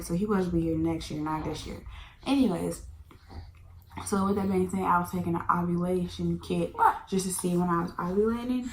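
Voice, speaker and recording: Young woman in her twenties, lowish voice, chatty storyteller who slips into whispers; room echo, faint hum. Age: 20s. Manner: chatty, animated, drops into whispers. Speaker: vlogger. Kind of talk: casual storytime.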